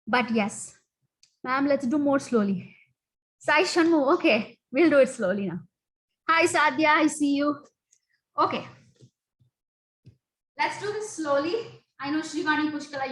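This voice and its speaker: Over a video call, a woman leads an online children's dance class, chanting sung syllables to keep the beat and calling students by name with brief instructions. Her voice is high and fairly bright, her pace measured, with long pauses. The room is very echoey and she sounds distant.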